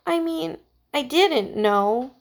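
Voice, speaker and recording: A woman voicing a timid, sensitive young girl who speaks softly and hesitantly. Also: high voice, animated, slow, voice pushed up, heavily acted. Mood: contrite. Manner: soft, hesitant, contrite.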